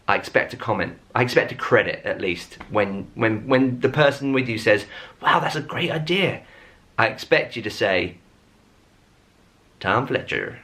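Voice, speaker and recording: Casting: male vlogger, thirties, bright forceful tone, chatty and self-deprecating. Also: fairly low pitch. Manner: rambling, self-mocking, chatty with many fillers. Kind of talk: casual chat to camera. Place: at home.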